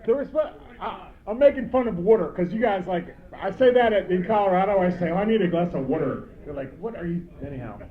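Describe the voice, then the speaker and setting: A man's voice: high-pitched, lively intonation, fast talker, hardly any pauses, phone-quality sound. A man in his fifties giving a rambling, joking banquet speech, calling out to people in the crowd. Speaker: banquet speaker.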